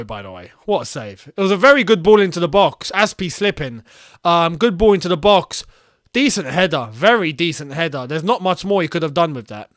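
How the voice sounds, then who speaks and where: A young man hosting a live football watchalong, reacting excitedly to play and reading viewer comments aloud. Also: a little high, no echo, studio quality. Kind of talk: live match commentary and chat.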